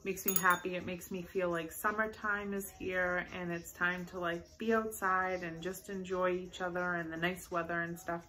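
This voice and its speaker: A woman's voice: on the low side, little pitch movement, normal speed, few pauses, sharp tone. A young woman chatting casually through a shopping haul, bubbly and rambling with enthusiasm. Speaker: vlogger showing a shopping haul.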